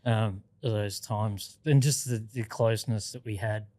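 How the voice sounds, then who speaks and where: Slow, wry man from Australia. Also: fairly low pitch, fairly even intonation, a little mellow, no room sound. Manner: wry, measured, hesitant. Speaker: podcast guest. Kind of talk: reflective interview talk. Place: podcast studio.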